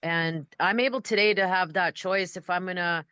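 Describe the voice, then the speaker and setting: A woman's voice: lowish voice, normal speed, bright, forceful tone, clean tone, dry recording. A woman guest on a recovery podcast, speaking in a hesitant, reflective way. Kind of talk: casual recovery podcast chat. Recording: dull lo-fi call audio.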